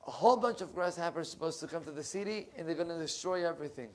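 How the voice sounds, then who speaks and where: Impassioned rabbi preaching a sermon. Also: male voice, a little high, quick pace. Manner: impassioned, rising loud when telling stories, dropping to soft asides; searches for English words mid-sentence. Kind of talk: sermon with storytelling. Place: synagogue.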